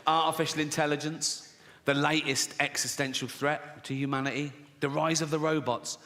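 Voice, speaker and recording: A man's voice: on the high side, fairly bright tone. A man in his sixties with an English accent doing stand-up comedy, sardonic, acting out voices and asking "right?" after his punchlines. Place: large theatre with audience. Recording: live hall reverb, faint room noise.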